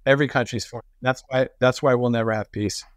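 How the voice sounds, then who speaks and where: A middle-aged man telling stories as a podcast guest, animated and acting out the voices of people he quotes. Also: mid-range voice, quick pace, no room sound, studio quality. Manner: frequent restarts and repetitions. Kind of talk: conversational storytelling.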